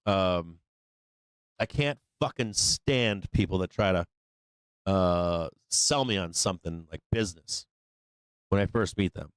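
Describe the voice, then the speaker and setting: A man hosts a live stock trading show, rambling casually with profane advice and jokes for his viewers. He talks a little slowly with frequent pauses, his tone clear and resonant with no echo, and he acts out little scenes in higher voices.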